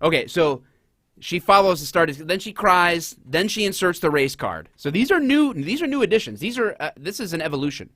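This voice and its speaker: Sarcastic middle-aged male host, lively pitch, dry close sound. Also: fairly quick, dry recording. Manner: animated, sarcastic. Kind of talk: casual commentary.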